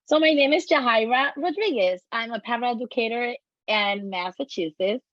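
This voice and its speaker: A woman from Puerto Rico speaks with an earnest, heartfelt warmth in a fairly high voice. The audio is dry and somewhat dull, with no room sound around her. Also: normal speed, no echo. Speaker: paraeducator. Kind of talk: casual presentation.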